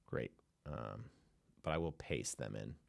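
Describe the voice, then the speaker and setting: A man's voice: rumbling low, lively intonation, a little slow, creaky, dry recording. A man teaching a casual screen-share tutorial on building AI agents, chatty and hyped, with sudden playful outbursts, recorded on a desk mic in a small room.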